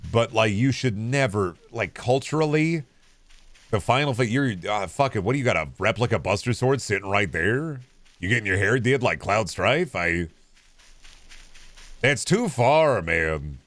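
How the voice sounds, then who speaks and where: A man in his thirties chatting through a game stream in a fairly low voice. He rambles from joke to joke, swearing freely, and his pitch leaps up whenever he gets animated about a bit. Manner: rambling, joking, swears a lot; animated, jumps up in pitch for bits. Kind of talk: casual gaming stream chat.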